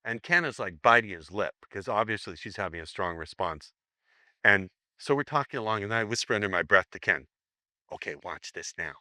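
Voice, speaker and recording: Guy running a seminar telling a story, super bright tense voice, teasing and chatty, acts out the lines. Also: on the low side, lively intonation, brisk, dry recording. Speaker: seminar instructor. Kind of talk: storytelling to a live seminar audience.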